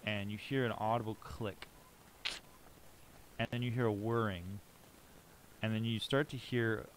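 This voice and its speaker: A male game master walks the players through the scene in measured, descriptive narration. His voice sits on the lower side, with faint hiss under the recording. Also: rough recording.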